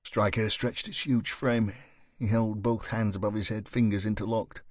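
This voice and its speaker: Steady male audiobook narrator. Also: on the low side, moderate pace, no echo, clean studio sound. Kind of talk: scripted narration.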